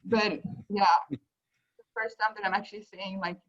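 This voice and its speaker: A woman's voice: medium pitch, lively intonation, measured pace, pauses often, fairly bright tone. A woman sharing her personal feelings casually, talking with lots of fillers like "like" and "you know". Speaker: guest sharing her experience. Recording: dull lo-fi audio.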